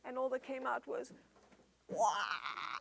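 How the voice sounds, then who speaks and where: High, slow, sing-song woman storyteller. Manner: animated, sing-song, drawn-out emphasis. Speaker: children's entertainer. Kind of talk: live storytelling to children.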